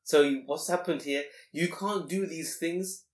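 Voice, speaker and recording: A man teaching a class on Quranic grammar, explaining with many rhetorical questions and quick Arabic recitation. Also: fairly high pitch. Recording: echoey room.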